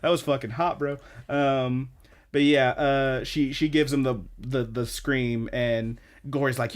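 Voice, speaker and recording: A young man co-hosts a casual podcast, tumbling through scene recaps with lots of swearing and filler words. His voice sits at an ordinary middle pitch, neither deep nor high. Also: moderate pace. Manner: excited, profane retelling with many "like"s. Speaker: podcast co-host.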